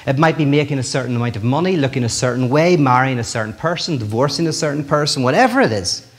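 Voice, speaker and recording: A middle-aged man giving a public lecture in a lively, joking way, often restarting his sentences. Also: medium pitch, fast talker. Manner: animated, joking, many restarts.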